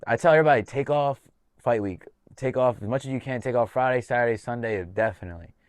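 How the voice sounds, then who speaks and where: A man's voice: mid-range voice, fast, clean tone, dry recording, clean studio sound. A man hosting a podcast, telling a casual, profane story as a fight coach and acting out the dialogue as he goes. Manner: loose and profane, acts out quoted dialogue.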